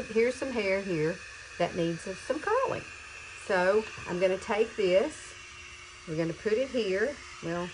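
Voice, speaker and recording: A woman over fifty talks through her hair routine in a casual home tutorial. She is chatty and excitable and calls her viewers girl. Her voice sits mid-pitch over a faint background hiss. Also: poor audio. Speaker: beauty vlogger.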